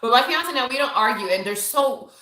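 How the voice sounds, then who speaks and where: Speaking briskly in a fairly high voice, this woman in her thirties broadcasts live from her home office with a reverberant sound. Her casual chat with viewers is candid and lively, packed with energetic storytelling.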